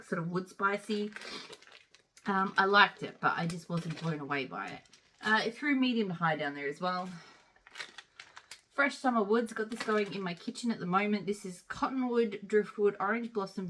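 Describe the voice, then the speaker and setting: A woman's voice: mid-range voice, a bit bright. A woman chatting casually as she reviews wax melts, rambling with plenty of fillers. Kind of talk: casual product review chat.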